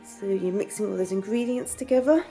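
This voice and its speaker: A cooking show host teaches a home cooking lesson, walking through each step in a chatty, encouraging way and getting out of breath while kneading. Her mid-range, dark-toned voice moves a little fast over soft background music.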